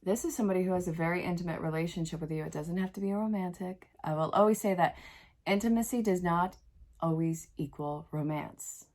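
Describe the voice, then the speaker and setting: A woman's voice: fairly low pitch, a little fast, a little mellow. Chatty sniffly woman reading tarot. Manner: chatty, frank and encouraging, talks straight to the viewer. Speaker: tarot reader. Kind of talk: casual tarot reading to camera.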